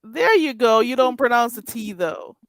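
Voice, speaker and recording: A woman's voice: on the high side, normal speed. A woman hosting a casual chat, patiently coaching a friend through patois phrases and laughing often. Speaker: host teaching patois phrases. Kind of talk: casual language lesson chat.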